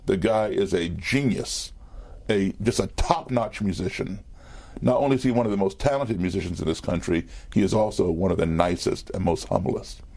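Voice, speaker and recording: A man, a musician interview guest, telling an anecdote in a relaxed conversational way, full of fillers and restarts, in a TV studio. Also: on the low side. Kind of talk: storytelling in conversation.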